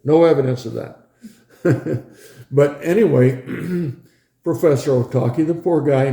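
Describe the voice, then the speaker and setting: An older man, once a pilot, reminisces in a relaxed, chatty way, chuckling often and acting out the scenes as he goes. His voice is dark and mellow, at a middling pitch for a man. The sound is roomy, with a clear echo around him. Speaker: former pilot recounting a research flight. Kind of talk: casual reminiscing storytelling.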